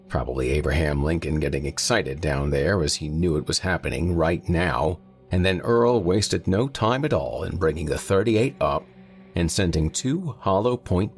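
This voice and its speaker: A man narrating a dark horror audiobook in a steady storytelling manner. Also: extremely low pitch.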